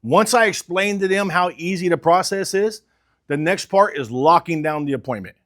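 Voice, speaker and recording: A man's voice: sits high, moderate pace, a bit bright. A man coaching car salespeople, talking with energy and urgency and acting out sales calls. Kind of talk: sales training talk.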